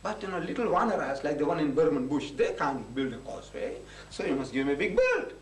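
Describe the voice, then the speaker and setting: Give me an animated man telling stories at a lecture, his voice swooping high and low. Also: fast. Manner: animated, acts out conversations with shifting voices. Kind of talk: public lecture, storytelling. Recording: echoey hall, heard from a distance, faint hiss.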